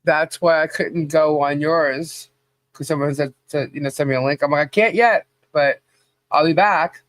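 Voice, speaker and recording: A woman with a low voice co-hosts a casual livestream podcast at a moderate pace, recorded dry. She's chatty, laughs a lot, and greets viewers by name.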